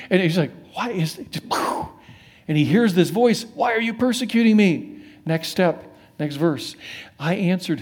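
A male preacher with a slightly high voice delivers a sermon. He tells the Bible stories dramatically, slipping into the figures' voices and swinging between bursts of volume and hushed asides. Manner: dramatic, acts out Bible figures with sudden loud and soft swings. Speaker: pastor.

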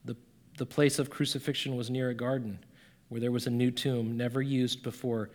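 A man preaching a sermon in a conversational, animated way, rising and falling in volume as he reads scripture. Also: medium pitch, moderate pace. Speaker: pastor.

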